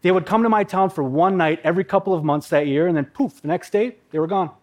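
A middle-aged man from Minnesota tells a personal story with vivid, emotional animation. His voice sits a little high. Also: quick pace, darkish tone.

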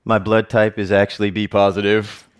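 A man's voice: lowish voice, flat delivery, moderate pace, clear, resonant tone. A middle-aged man giving an earnest personal storytelling talk, with joking asides.

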